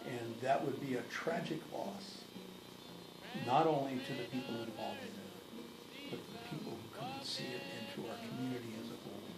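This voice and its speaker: A man's voice: mid-range voice, sing-song, a little fast, echoey room, crowd noise, rough recording. A man, a stage actor, speaking thoughtfully about his role in an interview, with frequent hesitations. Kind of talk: promotional interview.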